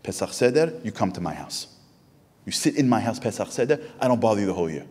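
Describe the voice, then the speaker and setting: An American man tells a story to a crowd with a lot of energy, jumping his voice up high whenever he quotes someone. His voice is a bit husky and swings widely in pitch. The room behind him rings with a long hall echo. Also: sing-song, quick pace, a little mellow. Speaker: Jewish speaker. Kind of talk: storytelling talk to an audience. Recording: echoey hall with long reverb.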